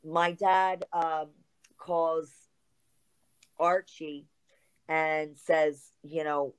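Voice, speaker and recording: A woman's voice: deep voice, takes it slowly, long pauses, clear, resonant tone, poor audio. A middle-aged woman, a guest telling a story in a casual interview and acting out the lines of the people in it. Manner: animated storyteller acting out quoted dialogue, swears freely.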